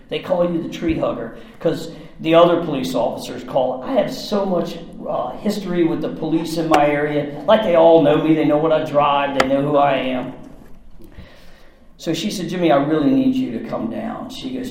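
Man, fairly high voice, gritty profane storyteller, very roomy echo. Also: moderate pace, darkish tone, slight background noise. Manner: rough-edged, profane, talks in run-on bursts. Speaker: storyteller recounting his past. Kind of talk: candid personal story. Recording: very echoey room.

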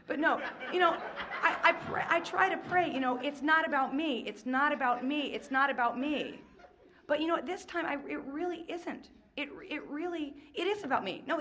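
Candid woman sharing her recovery story. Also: a little high. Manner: candid, self-mocking, swings between hushed and loud. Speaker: recovery workshop speaker. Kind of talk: personal testimony talk.

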